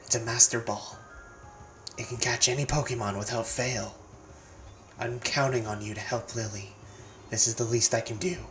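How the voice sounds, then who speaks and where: A streamer voicing a brooding, gruff teenage boy from a role-playing game, in a low, muttered delivery. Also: steady tone, normal speed, pauses often, fairly bright tone, close to an everyday voice. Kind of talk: reading game dialogue aloud on stream. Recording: roomy sound with faint game music.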